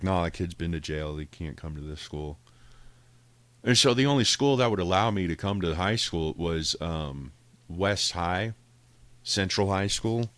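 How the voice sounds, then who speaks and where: A young man with a very low voice tells a rambling story, swearing freely and laughing as he goes. He quotes others without changing his voice. The sound is dry and close, with no room around it. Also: no echo. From Colorado, US. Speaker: podcast guest telling a story. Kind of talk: casual storytelling.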